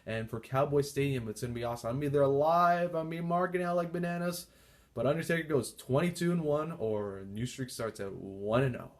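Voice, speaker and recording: A young man in a casual recap monologue, talking through a wrestling show move by move. He rambles and circles back to repeat himself. His voice sits in an ordinary middle pitch for a man. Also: brisk. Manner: excited, overjoyed shouting. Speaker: wrestling fan vlogger reviewing a show.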